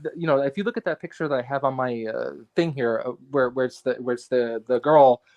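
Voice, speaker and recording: A man talking in a casual podcast conversation, animated and profane, repeating himself as he rants. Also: medium pitch, fairly quick. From New York area. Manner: animated, profane, ranting with repetitions. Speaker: guest artist and photographer.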